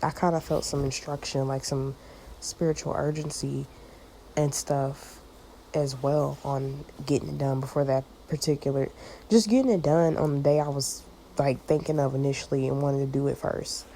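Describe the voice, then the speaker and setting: A woman's voice: a bass voice, steady tone, normal speed, mellow, slight background noise, low-quality recording. A woman chatting casually to her viewers about a spiritual message, rambling and searching for words, with lots of fillers and calling them y'all. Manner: addresses listeners as y'all. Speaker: channel host giving a prophetic word. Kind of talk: casual spiritual vlog talk.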